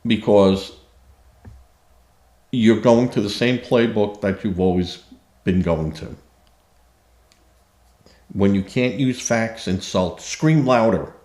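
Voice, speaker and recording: Speaking slowly in a lowish, somewhat mellow voice, this political commentary host gives an indignant, sarcastic opinion monologue. Fillers and restarts keep tripping him up, and the room echoes around him.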